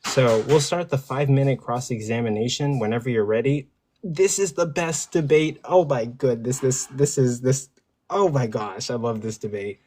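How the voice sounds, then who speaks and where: A man hosting an online debate, gushing with excitement and swearing freely. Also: mid-range voice, normal speed. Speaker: debate host.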